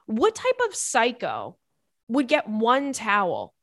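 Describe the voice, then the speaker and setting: A woman's voice: on the high side, wildly swooping pitch, slow, a bit bright, no echo, clean studio sound. A young woman hosting a podcast, chatty and giggly, reading sponsor ads and listener messages. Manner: chatty, giggly, lots of "like" fillers. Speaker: podcast host. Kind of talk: casual chat and ad read.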